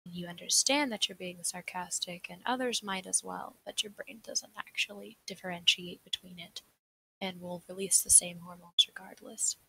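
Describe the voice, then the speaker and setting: A woman's voice: fairly low pitch, steady tone, moderate pace, vocal fry, pushed and bright, slight background noise, low-quality recording. A young woman with a Southern American accent, chatty and rambling as she presents a seminar on a livestream, laughing often. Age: young adult. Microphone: desk mic on a livestream.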